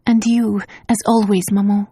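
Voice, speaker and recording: Woman reading as a higher, soft, eager young bride, loving and earnest, dry close sound. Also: little pitch movement, normal speed, slightly rough, dry recording. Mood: tender. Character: young newly married daughter, loving and earnest.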